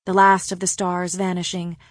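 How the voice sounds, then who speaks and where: A woman narrates a story aloud in a lowish, softly even voice. Her reading is steady and unhurried, and it is caught close and dry with no room sound. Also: no room sound. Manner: soft, even storytelling with quiet dialogue. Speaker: audiobook narrator. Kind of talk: scripted first-person narration.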